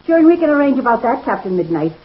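A fast-talking mother, high-pitched, old radio serial. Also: big pitch swings. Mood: teasing. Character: warm motherly Irish woman, Ma Donovan. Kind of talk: 1930s radio drama acting. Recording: muffled old radio recording.

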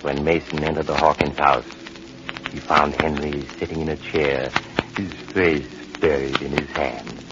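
Deep-voiced Doctor Weird. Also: male voice, fairly even intonation, measured pace. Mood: ominous. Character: eerie male storyteller Doctor Weird, very deep. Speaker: host narrator. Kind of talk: 1940s radio drama narration. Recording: lo-fi old radio with loud hiss.

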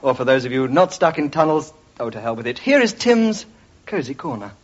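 A man's voice: medium pitch, big pitch swings, brisk, lo-fi sound. A man hosting a radio sketch comedy show in a mock-solemn announcer delivery.

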